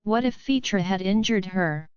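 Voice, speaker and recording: A woman's voice: mid-range voice, expressive, normal speed, smooth, no echo, lo-fi sound, natural voice. A woman voicing a furious, protective young male war god who speaks angrily. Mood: angry.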